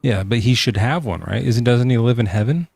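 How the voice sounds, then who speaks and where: A man's voice: mid-range voice, fairly quick, gravelly, darkish tone, a little hiss or hum. A man calling in to a late-night debate, questioning a believer in a sarcastic, teasing way. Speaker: atheist caller. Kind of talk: mocking debate call.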